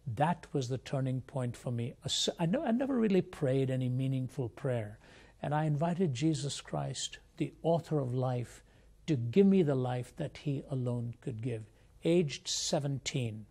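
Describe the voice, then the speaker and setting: A man's voice: mid-range voice, expressive, a little slow, gravelly, warm tone, breathy edge. An older man from India, a Christian apologist, telling his life story as an interview guest in an earnest, reflective way.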